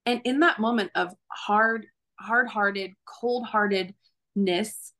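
A young woman shares her testimony in a mid-pitched voice. She speaks earnestly, animates the voices of people in her story, and laughs easily between thoughts. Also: slow pace, pushed and bright. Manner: earnest, laughs often, acts out quoted voices. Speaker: guest sharing her testimony. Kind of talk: conversational faith testimony.

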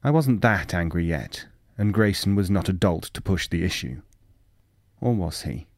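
Male audiobook narrator, lowish voice, measured and wry, dry close sound. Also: animated, no echo. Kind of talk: dramatic story reading.

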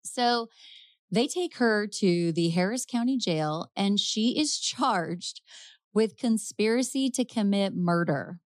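A woman hosting a podcast, casually telling a true-crime case, chatty and quick to laugh as she acts out quotes. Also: medium pitch, expressive, no room sound. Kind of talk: casual storytelling chat.

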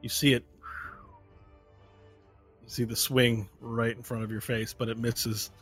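A man's voice: mid-range voice, flat delivery, measured pace, a bit bright, husky, soft background music. A man running a tabletop game as game master, narrating the action vividly and throwing in playful sound effects.

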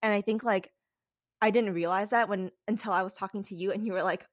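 A woman in her twenties co-hosting a casual podcast, lively and blunt, acting out what people say with big jumps in her voice. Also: fast, dry recording. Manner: animated, acts out quoted people with big pitch jumps, swears freely. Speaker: podcast co-host. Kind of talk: candid casual podcast chat.

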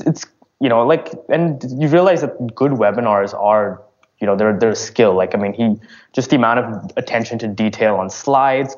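Brief: lower-voiced man, casual interview guest, stops and restarts a lot, muffled lo-fi audio. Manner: halting, many fillers and restarts. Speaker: startup founder.

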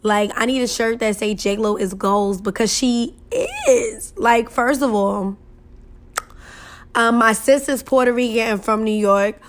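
Young female vlogger, brassy and outspoken, lightly raised pitch, loose casual delivery. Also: expressive, a little slow. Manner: sassy, profane, emphatic, laughs often. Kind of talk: casual chat to camera.

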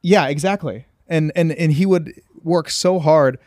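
A man chatting casually on a podcast, animated and quick to riff and joke. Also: fairly high pitch, dry recording, clean studio sound. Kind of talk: casual chat.

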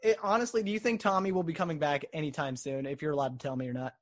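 A man's voice: fairly high pitch, fairly even intonation, racing. Eager man with a raised voice. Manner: eager, enthusiastic fan, stammering restarts, laughs often. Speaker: interviewer, fan host. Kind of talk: casual interview chat.

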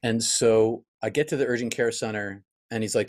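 A man's voice: medium pitch, a little fast, hardly any pauses, darkish tone. Middle-aged man, reflective storyteller. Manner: reflective, reenacts his own past thoughts, frequent restarts. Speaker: guest, pastor. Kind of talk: personal storytelling in an interview.

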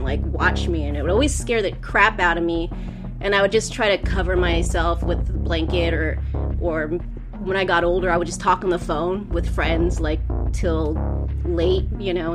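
A young woman who works as a spirit medium, telling her story as an interview guest in a candid, casual way, swearing freely with lots of fillers. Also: fairly low pitch.

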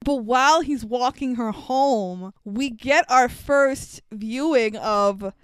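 Sarcastic woman with a smooth, dry voice. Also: a little high, takes it slowly, dry recording. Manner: sarcastic, swears freely, laughs often. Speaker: podcast co-host. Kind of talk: casual movie-riffing chat.

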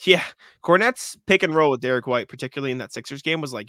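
A man co-hosting a casual sports podcast who reads listener emails and jokes around with his partner, with hiccups and throat clearing. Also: mid-range voice, expressive, bright, forceful tone, no room sound, clean studio sound. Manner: fast, joking banter with many asides. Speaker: podcast co-host.

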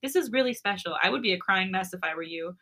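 A woman's voice: medium pitch, expressive, fast talker, sharp tone. A woman reading as a sweet young woman comforting her friend. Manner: sweet, laughing.

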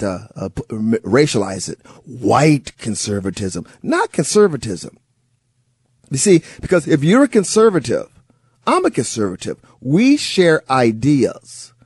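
Man, fill-in talk radio host, sarcastic, chuckles, swooping pitch, dry close sound. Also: darkish tone, no echo.

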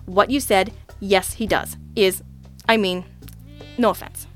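A woman voicing a nervous, whiny little man who is a small-time informant in a storybook reading, raising her voice high for him. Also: fairly even intonation, measured pace, a bit bright, soft background music, close to an everyday voice. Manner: whining, flustered, eager to please.

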